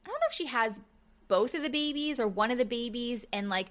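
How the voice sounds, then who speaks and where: Speaking fairly quickly in a higher register, this woman in her thirties co-hosts a casual podcast where they recap a reality show. Her storytelling is lively, full of acted-out voices and offhand cursing.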